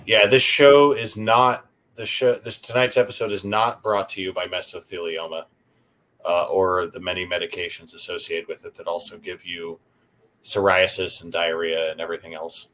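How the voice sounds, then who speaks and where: A man's voice: sits low, flat delivery, normal speed, fairly bright tone. A man co-hosting a casual chat show, joking and hesitant, with many ums. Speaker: co-host.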